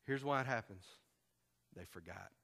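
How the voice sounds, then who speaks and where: Pastor preaching conversationally. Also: male voice, fairly low pitch, moderate pace, vocal fry, fairly bright tone. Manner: conversational, emphatic preaching with repetition. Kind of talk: sermon.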